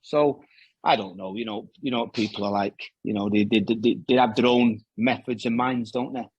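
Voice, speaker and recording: A former footballer tells long, wandering stories, doubling back with fillers and restarts. His voice is husky with a slightly breathy edge. The sound is dry and close. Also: mid-range voice, fairly even intonation, moderate pace, dry recording, highs cut off. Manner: rambling anecdotes with many restarts and fillers. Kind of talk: casual storytelling interview.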